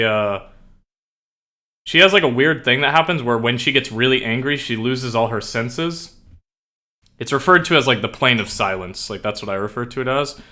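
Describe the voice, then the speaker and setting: Rambling young man with a bright voice. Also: mid-range voice. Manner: rambling, filler-heavy. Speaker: streamer. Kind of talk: casual chat.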